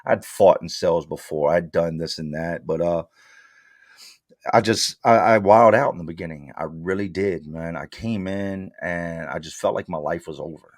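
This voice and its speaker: A man with a very low voice tells his story bluntly, using street slang and replaying old exchanges in his own words. The sound is close and dry, with no room echo at all. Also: moderate pace. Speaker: interview guest. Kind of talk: candid storytelling.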